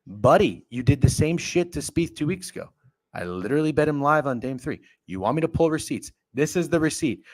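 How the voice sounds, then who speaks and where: A man's voice: on the high side, a little fast. A man hosting a casual sports betting talk show, ranting and swearing. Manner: profane, ranting, animated. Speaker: podcast host.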